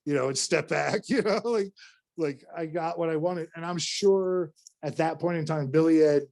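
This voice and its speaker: A podcast guest from North Carolina, speaking at normal speed in a fairly high, gravelly voice, spins a long story in an animated, rambling manner. Casual swearing and frequent restarts run throughout.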